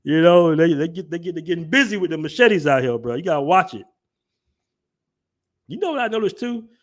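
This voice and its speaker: Animated and a little fast, this man speaks at a fairly high pitch. He's hosting a laid-back livestream, voicing his chat's comments and chuckling through his remarks.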